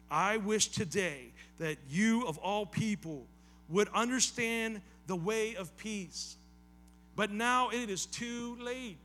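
A man's voice: high-pitched, sharp tone, a little hiss or hum. A male pastor preaching a sermon in a conversational style, with casual asides and repeated phrases that build to emphatic calls.

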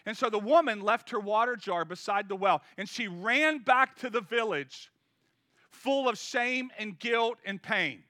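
A man preaching an energetic, conversational sermon and urging his listeners on. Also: sits high, a little slow, no room sound, studio quality. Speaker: pastor.

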